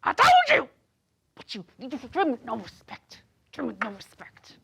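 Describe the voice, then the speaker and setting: A woman's voice: high-pitched, huge pitch swings, moderate pace, bright, forceful tone, a little hiss or hum, pitched above the performer's own voice, full character voice. A woman doing an impression of a sassy, scolding woman who talks tough through her teeth.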